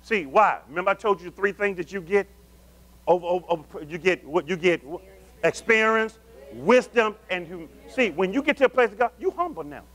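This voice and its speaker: High-voiced male preacher calling out. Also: expressive, a little fast. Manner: call-and-response preaching, asking the congregation questions; swings between loud emphatic calls and low murmurs. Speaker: pastor. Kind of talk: sermon.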